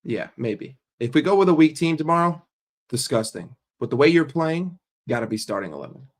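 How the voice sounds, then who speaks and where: A man's voice: a little high, very animated, fairly quick. A man hosting a casual livestream, reading chat messages and ranting bluntly and sarcastically with frequent swearing. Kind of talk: casual livestream fan rant.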